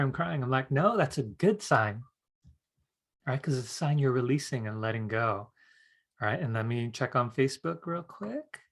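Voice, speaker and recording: A man teaching a live online psychic class, talking in a relaxed, chatty way and reading viewer comments aloud. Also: mid-range voice. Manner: soothing guided-meditation tone. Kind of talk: casual live-stream teaching.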